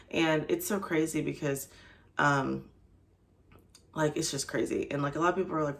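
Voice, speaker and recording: A woman's voice: low voice, normal speed, gravelly, long pauses. A young woman vlogger telling a personal story to camera in a casual, chatty way, full of "like" and "you know". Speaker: faith vlogger.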